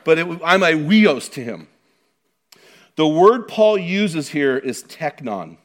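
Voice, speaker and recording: A man's voice: fairly high pitch, big pitch swings, slow. A middle-aged man preaching a sermon, emphatic and conversational, with frequent rhetorical questions to the congregation. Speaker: pastor.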